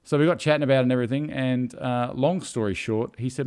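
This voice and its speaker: A man's voice: mid-range voice, fairly even intonation, quick pace, hardly any pauses, darkish tone. A man co-hosting a casual live podcast, telling a story in a rambling, emotional way with many fillers. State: tearful. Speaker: podcast co-host.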